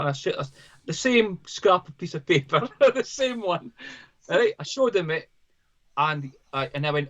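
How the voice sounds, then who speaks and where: A man's voice: fairly high pitch, animated, fairly bright tone, highs cut off. A man, a psychologist guest, telling stories in casual conversation, often restarting and repeating his words. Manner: halting, repeats words, storytelling.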